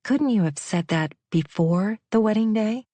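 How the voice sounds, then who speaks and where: A woman voicing a brisk young friend who gushes but lacks sympathy. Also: mid-range voice, expressive, mellow, dry recording, pitched above the performer's own voice.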